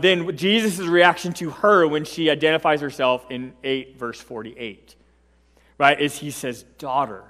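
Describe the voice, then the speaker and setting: A man preaching a sermon, telling a story in a lively way, acting out the quotes and often asking "right?". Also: high voice. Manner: animated storytelling, acts out quotes, frequent "right?". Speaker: pastor. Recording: long reverb of a large hall.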